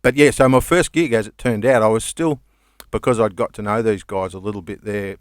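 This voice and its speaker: A man's voice: fairly low pitch, steady tone, fairly quick, dry recording, clean studio sound. A comedian man with an Australian accent, telling rambling stories in casual chat, laughing and swearing as he goes. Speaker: comedian guest.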